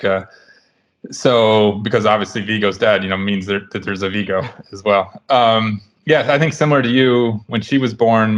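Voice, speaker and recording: A man in his thirties hosting a casual podcast chat, relaxed and rambling with frequent restarts. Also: fairly low pitch, dull audio. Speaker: podcast host.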